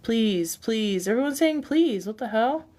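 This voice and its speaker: A woman's voice: a little high, expressive, a little slow, dark tone. A woman hosting a livestream, chatting casually with her viewers and often breaking into laughter. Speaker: livestream host.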